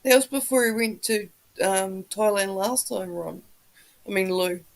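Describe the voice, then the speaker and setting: A woman's voice: mid-range voice, a little slow, creaky, poor audio. A woman hosting a casual livestream, chatting with viewers and reading the chat, swearing freely as she talks. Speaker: livestream host.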